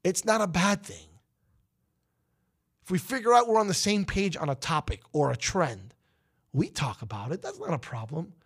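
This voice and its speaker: Male host, emphatic monologue, swooping pitch, slightly high voice. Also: wildly swooping pitch, moderate pace, pauses often, a bit bright, slightly rough. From United States. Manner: emphatic, preachy, rising to outbursts. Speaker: talk show host. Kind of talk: opinion monologue on a talk show.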